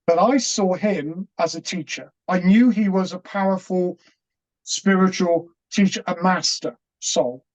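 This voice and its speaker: A middle-aged man, earnest and halting, telling a personal story as an interview guest with many restarts. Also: sits high. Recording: dull, muffled audio.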